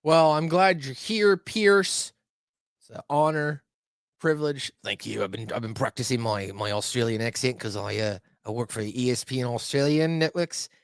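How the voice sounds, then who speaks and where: A man hosting a casual wrestling podcast, talking in a jokey, rambling way that swings loud and soft. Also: medium pitch, normal speed, smooth, dry recording. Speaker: podcast host.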